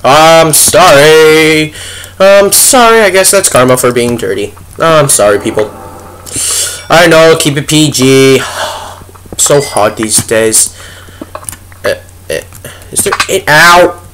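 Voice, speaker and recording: A man's voice: a little high, expressive, slow, long pauses, a bit bright, a little hiss or hum. A young man giving goofy, chatty let's play commentary as a gaming video host, talking to the animals in the game. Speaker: gaming YouTuber.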